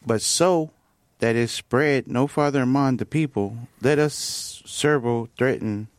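A man reading a Bible passage aloud in a careful, slightly halting way. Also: mid-range voice, no echo. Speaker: Bible study participant reading scripture.

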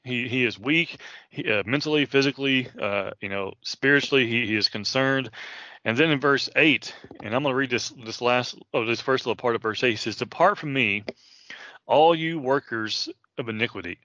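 A man's voice: medium pitch, moderate pace, pushed and bright, no room sound, lo-fi sound. Earnest man in his thirties teaching scripture. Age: 30s. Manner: casual and earnest, many fillers and restarts. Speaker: preacher. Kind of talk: conversational Bible teaching.

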